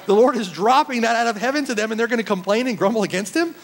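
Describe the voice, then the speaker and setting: Guy pastor preaching, pretty high voice, punchy questions at the crowd. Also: expressive, quick pace, low-quality recording. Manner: emphatic preaching with rhetorical questions. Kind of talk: sermon. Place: church.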